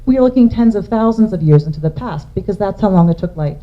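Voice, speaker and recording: In a dull, lo-fi lecture recording, a woman astronomer with a mid-range voice speaks fast with lively intonation. She is giving a public science talk, pointing to slides and explaining things one step at a time.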